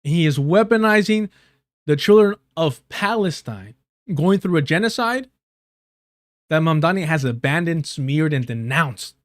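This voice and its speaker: A man's voice: fairly high pitch, lively intonation, measured pace, dry recording, studio quality. A man hosting a live stream, giving angry, repetitive commentary on a clip, swearing often. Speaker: live stream host reacting to clips.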